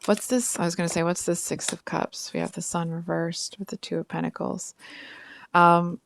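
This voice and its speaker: A woman's voice: on the low side, flat delivery, moderate pace, vocal fry. A woman giving a casual, frank tarot reading straight to her viewers, chatty and full of asides. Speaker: tarot reader.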